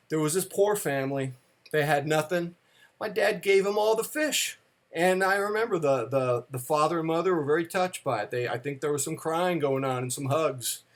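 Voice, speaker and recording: A man in his fifties telling stories about fatherhood on a home video, rambling and self-deprecating with lots of fillers. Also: a little high. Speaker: vlogger, storyteller. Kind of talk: casual storytelling monologue. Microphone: camera.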